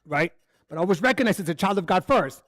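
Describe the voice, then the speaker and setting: High-voiced man sharing a candid sermon. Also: expressive, fast, fairly bright tone, dry recording. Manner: candid, conversational, acts out dialogue. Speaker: spiritual speaker. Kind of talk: personal-story sermon. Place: spiritual center service.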